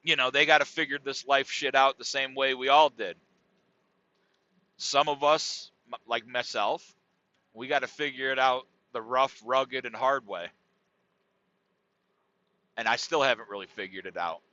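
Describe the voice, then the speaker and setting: A man's voice: mid-range voice, fairly even intonation, unhurried, long pauses, bright, forceful tone, no echo. Profane, rambling middle-aged man host. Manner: rambling, profane, laid-back. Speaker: podcast host. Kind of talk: casual comedic monologue. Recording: dull dry lo-fi sound.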